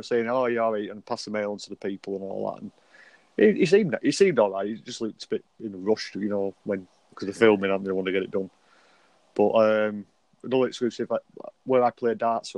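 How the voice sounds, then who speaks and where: Man, podcast co-host, easygoing anecdote teller, mid pitch, dry sound. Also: a little mellow, dry recording. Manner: chatty, laughing, loose anecdotes. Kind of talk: casual podcast chat.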